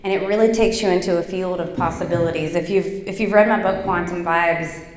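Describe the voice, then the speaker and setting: A middle-aged woman giving a motivational workshop talk, telling stories in an animated, chatty way with lots of fillers. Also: lowish voice, fairly quick. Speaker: workshop speaker. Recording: echoey hall.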